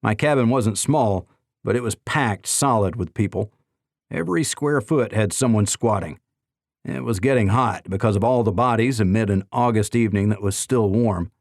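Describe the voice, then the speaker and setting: A man narrating a novel in the first person in a measured, even storytelling manner. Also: fairly low pitch, no echo, clean studio sound. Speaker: audiobook narrator.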